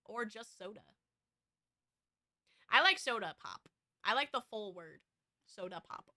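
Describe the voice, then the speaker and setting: A woman's voice: mid-range voice, expressive, unhurried, bright, forceful tone, no room sound, studio quality. A woman streamer with an American West Coast accent, chatting casually and rambling. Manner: rambling, with frequent fillers and restarts. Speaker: VTuber streamer. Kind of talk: casual chat.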